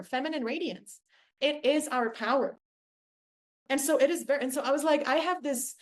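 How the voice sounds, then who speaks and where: A young woman hosting her podcast, telling a personal story in an effusive way, with lots of "like" and acted-out quotes. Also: a little high. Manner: effusive, heavy use of "like", acts out quoted voices. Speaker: podcast host.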